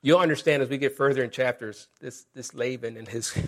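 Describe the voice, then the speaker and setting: A man's voice: mid-range voice, brisk, a bit bright. A middle-aged male pastor preaching a sermon in a conversational way, with asides and scripture reading.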